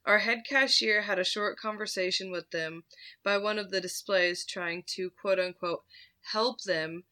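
A woman's voice: mid-range voice, steady tone, unhurried, sharp tone. A woman host casually telling a story from her retail job, laid-back, swearing freely and laughing at her own tale.

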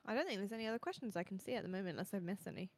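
A young woman, an esports host, chatting casually on a podcast stream, lively and quick to laugh at herself. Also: mid-range voice, dry recording. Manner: lively, self-mocking, laughs often. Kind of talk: casual chat.

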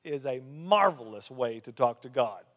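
A male pastor preaching a sermon, with emphatic rises and hushed drops. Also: medium pitch, animated, moderate pace. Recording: long hall reverb.

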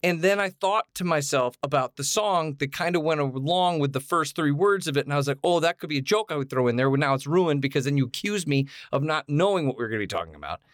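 A man co-hosting a podcast, with playful, self-mocking banter that rambles on. His pitch swings widely. The sound is dry and close to the mic. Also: lively intonation, fast talker, hardly any pauses, no room sound. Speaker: podcast co-host. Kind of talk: casual banter.

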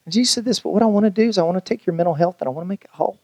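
A man's voice: high voice, racing, a little mellow, husky, no room sound, muffled recording. A male pastor preaching a sermon in a loose, conversational way, joking with the congregation and often restarting his sentences.

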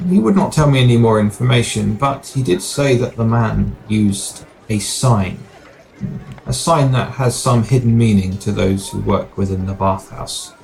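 A man voicing a solemn, smug man who was once a dog, speaking in slow, grave, cryptic pronouncements. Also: lowish voice, gravelly, darkish tone.

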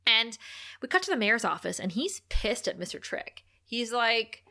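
Recapping an episode on a podcast she co-hosts, a woman chats casually at normal speed in a fairly high voice. She's animated, laughs a lot, and performs the characters' quotes.

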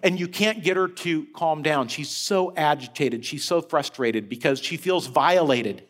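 A man preaching a sermon as head of a senior-care ministry, telling a story with animated rises and falls. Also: a little high, unhurried. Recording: long hall reverb.

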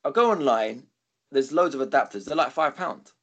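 A man, co-hosting a podcast, telling a rambling, sweary story with animated quoting. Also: medium pitch, normal speed, dull audio. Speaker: podcast co-host. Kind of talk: casual storytelling chat.

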